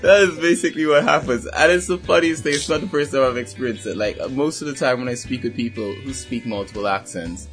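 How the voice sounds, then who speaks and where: A man chatting casually on a podcast, telling a story with lively acted-out voices, swearing now and then and laughing often. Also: medium pitch, fast talker, few pauses, soft background music. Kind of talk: casual chat.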